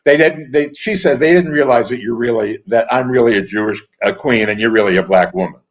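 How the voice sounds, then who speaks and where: An older man, a comedy writer and actor, chatting casually as an interview guest and telling wry anecdotes with quick asides. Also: medium pitch. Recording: dull lo-fi audio.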